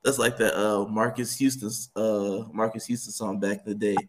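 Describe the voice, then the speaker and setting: Earnest man, lowish voice. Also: level tone, normal speed. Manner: earnest, explains his reasoning step by step. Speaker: podcast co-host. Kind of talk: casual chat.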